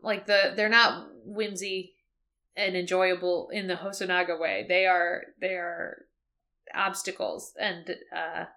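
A woman's voice: on the low side, little pitch movement, measured pace, sharp tone. A woman co-hosting a casual podcast chat, making dry, wry asides. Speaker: podcast co-host.

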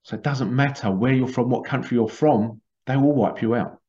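A man's voice: medium pitch, moderate pace, mellow. A man telling a long, rambling story, full of restarts and acted-out quotes. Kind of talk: casual conspiracy talk, storytelling. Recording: dull lo-fi sound.

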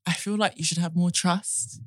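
A woman co-hosting a casual podcast, teasing and giggly, often dropping to a quiet voice. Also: fairly low pitch, steady tone, moderate pace, no echo, clean studio sound. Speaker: podcast co-host. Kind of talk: casual chat.

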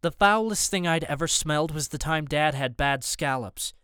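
Guy reading a tense audiobook, smooth clear voice, dry close sound. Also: a little high, moderate pace, sharp tone, dry recording. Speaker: audiobook narrator. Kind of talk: first-person audiobook narration.

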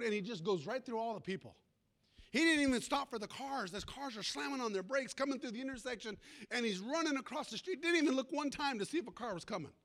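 High, bright-voiced preaching man. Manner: preaching with shouts and call-outs to the congregation. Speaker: pastor. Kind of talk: sermon. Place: church.

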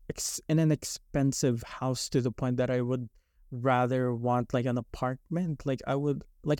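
A man's voice: mid-range voice, dark tone, smooth, dry recording, clean studio sound. A young man from Canada telling his story in a casual podcast chat, rambling with lots of likes and restarts. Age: young adult.

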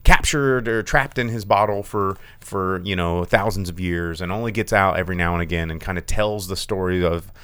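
A man hosting a casual film review show, talking with lots of fillers, restarts and big swoops in pitch. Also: normal speed, hardly any pauses, a bit bright, smooth, no echo. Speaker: film review podcast host.

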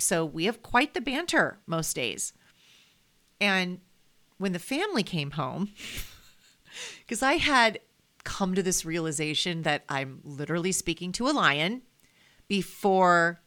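A woman's voice: lowish voice, pushed and bright. A woman hosting a podcast, talking in a casual, heartfelt way with lots of fillers. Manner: chatty and heartfelt, many fillers. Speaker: podcast host. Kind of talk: casual solo podcast monologue.

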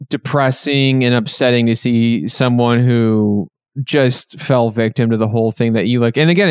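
A man hosting a casual podcast, steering the talk and pressing the others with questions. His voice is at a middle pitch. The sound is dry and close-miked. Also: clean tone, no room sound. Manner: leads the discussion, asks questions. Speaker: podcast host. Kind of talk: casual chat.

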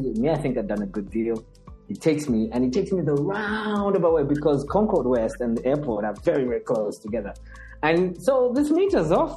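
A man, a podcast guest telling stories in a casual interview, animated and laughing often. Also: mid-range voice. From Zambia.

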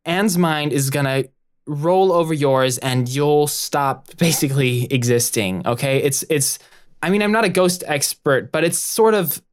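A man's voice: on the high side, measured pace, voice pushed up, lightly acted. A player voicing a worn-out young woman ghost hunter in a tabletop role-play, talking in an urgent, clipped way.

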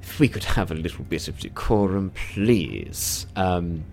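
Low-voiced, animated game master man. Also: a little slow, vocal fry. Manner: animated, self-deprecating, laughs often. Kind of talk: narrating a tabletop game.

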